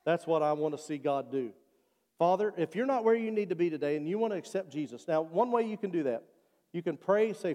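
A man's voice: on the high side, animated, fast, mellow. A male pastor preaching a sermon and leading an altar call, earnest and repeating his appeals. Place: church sanctuary. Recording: long church reverb.

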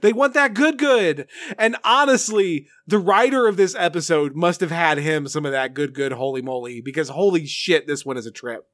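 A man's voice: on the high side, normal speed, hardly any pauses, fairly bright tone, no room sound. A man co-hosting a podcast, giving a casual, sarcastic, profane recap of a TV episode and laughing often. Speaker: podcast co-host.

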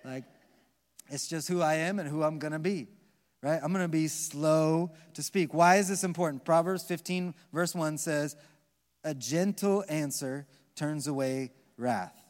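A man with an American accent preaching a live sermon as pastor, swinging between soft, slow passages and loud, emphatic ones. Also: fairly high pitch, fairly even intonation. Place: large church hall with long reverb. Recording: live church recording with long hall reverb.

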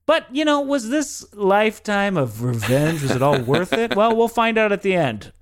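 Animated man recapping a film. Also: high voice, moderate pace. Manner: animated, jokey, recapping plot. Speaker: podcast co-host. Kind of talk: casual chat about a film.

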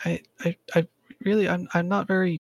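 Man playing a nervous polite adventurer, gravelly voice, fairly high, stammers, dry close sound. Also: level tone, fairly quick, dry recording. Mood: awkward.

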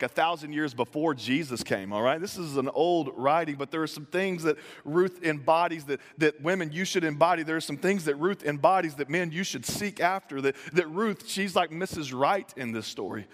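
A man's voice: a little high, brisk, hardly any pauses. A man preaching a conversational sermon, telling the story playfully with modern asides and stammered restarts. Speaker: pastor. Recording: echoey hall with long reverb.

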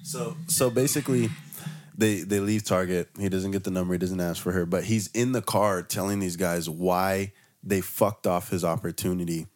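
A man's voice: low-pitched, steady tone, moderate pace, a little mellow. A man co-hosting a podcast, summing up a friend's story in casual, profane chat. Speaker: podcast co-host.

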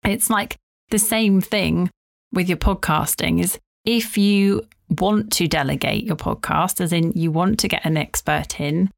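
A woman hosting her own podcast, chatting in a rambling, friendly way and acting out her inner thoughts in quick asides. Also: on the low side, creaky. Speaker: podcast host and podcast editor. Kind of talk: solo podcast talk.

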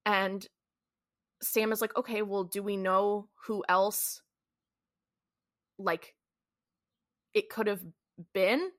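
Bright-voiced woman recapping a show. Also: medium pitch, steady tone, slow pace, pauses often, no room sound, clean studio sound. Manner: retells scenes, acting out characters' lines. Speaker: podcast co-host. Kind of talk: casual recap chat.

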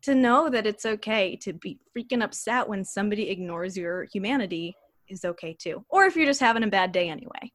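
A young adult woman telling a personal story as a podcast guest, in a chatty, animated way with many fillers. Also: medium pitch, brisk, no echo, studio quality. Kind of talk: casual storytelling.

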